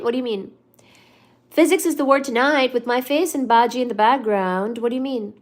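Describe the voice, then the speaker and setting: A chatty woman hosting a casual livestream, with a voice a little higher than most. She talks loosely with her viewers and reads their comments aloud, sometimes in a playful singsong. She sounds a bit stuffed up. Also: moderate pace. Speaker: livestream host.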